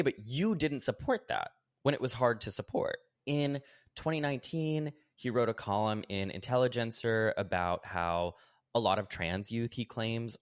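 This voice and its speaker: Animated, sarcastic male podcast host. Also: lowish voice, no echo, clean studio sound. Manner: sarcastic, animated, uses lots of "like". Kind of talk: casual podcast commentary.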